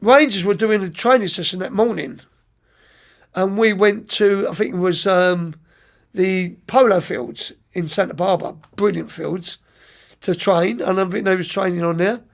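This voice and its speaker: A middle-aged soccer coach with a notably high-pitched voice tells stories in an interview. He talks in lively, rambling runs, trips over his words and restarts often, clearly enjoying the memory. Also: moderate pace. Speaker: youth soccer coach, podcast guest. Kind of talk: anecdotal storytelling in an interview.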